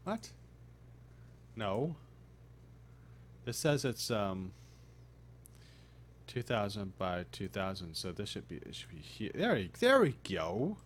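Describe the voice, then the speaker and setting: A tired, groggy man chatting casually on his live stream, rambling with halting restarts. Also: lowish voice, very animated, a little hiss or hum. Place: home streaming setup.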